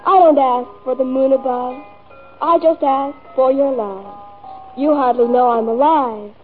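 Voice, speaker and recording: A lonely fifteen-year-old girl, dreamy and pert by turns. Her voice sits high. It comes through a thin, phone-like old film soundtrack with faint music behind. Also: measured pace. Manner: dreamy and precocious, pert when cornered.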